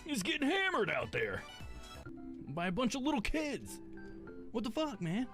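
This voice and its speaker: A man's voice: very high-pitched, huge pitch swings, moderate pace, over music. A man chatting casually while playing a game, joking and swearing. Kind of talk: casual gaming chat.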